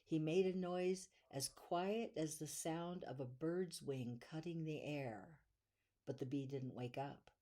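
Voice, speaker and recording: A woman reading a children's bedtime story aloud in a gentle, soothing way, drawing out the repeated lines. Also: deep voice. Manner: gentle, soothing, drawn-out repetitions.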